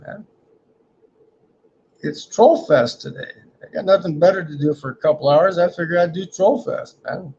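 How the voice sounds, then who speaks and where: Brief: male livestream host, fairly high voice, joking and rambling, dull lo-fi audio with a faint hiss behind. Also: darkish tone. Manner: rambling, joking, often ends lines with "man". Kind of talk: casual livestream chat reading comments.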